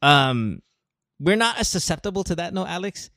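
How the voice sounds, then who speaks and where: A man's voice: high voice, sing-song, normal speed, bright, forceful tone, no room sound, clean studio sound. A man in casual chat as a co-host, blunt and swearing freely, mixing English and Tagalog.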